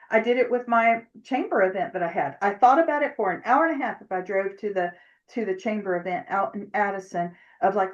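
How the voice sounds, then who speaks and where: A middle-aged woman with a slightly high voice gives a motivational talk to her network marketing team. She is emphatic and coaching, and she slips into acted-out dialogue to make her points. The recording sounds dull and lo-fi. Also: lively intonation, brisk.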